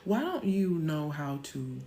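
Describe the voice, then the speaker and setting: A woman's voice: sits low, big pitch swings, takes it slowly, mellow. A woman in her thirties hosting a live-stream motivational talk, emphatic and slangy, firing off rhetorical questions.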